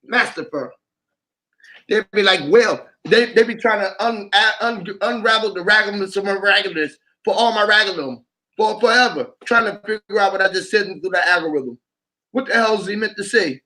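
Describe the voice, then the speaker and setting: A man's voice: high voice, normal speed, pushed and bright. A man delivering a rambling freestyle monologue, chanting and repeating words in a loose stream of wordplay. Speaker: vlogger.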